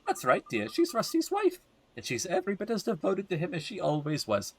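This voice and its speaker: A chatty old housewife, put on by a man reading a game aloud, spills neighborhood gossip in a sweet, fussing tone. Her voice climbs high and bounces about with lively ups and downs. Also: fairly quick, no echo, heavily acted. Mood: gushing.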